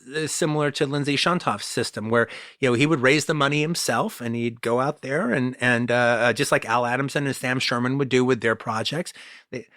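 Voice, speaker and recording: A man's voice: mid-range voice, pushed and bright, no echo, studio quality. A man co-hosting a podcast, talking about old movies in a rambling, enthusiastic way with lots of restarts. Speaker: podcast co-host. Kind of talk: casual film discussion.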